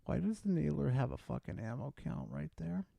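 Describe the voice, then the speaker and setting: A streamer picking apart a game video with exasperated, profane complaints. The pitch swings widely, and the sound is dry and close with no room echo. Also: very animated, brisk, vocal fry, mellow. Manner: exasperated, swearing, critical. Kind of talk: profane reaction commentary.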